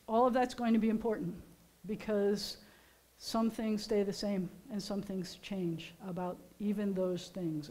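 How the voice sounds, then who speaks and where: An older American woman, a rabbi, giving a casual, teacherly sermon with gentle jokes to her congregation in a synagogue. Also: mid-range voice. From United States. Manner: chatty, teacherly, gently joking. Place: synagogue sanctuary during a service.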